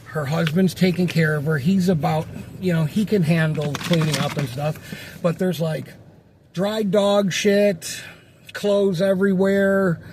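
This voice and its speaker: A man's voice: high-pitched, a little mellow, slight background noise. A man ranting casually to camera, frustrated and swearing, rambling with many restarts.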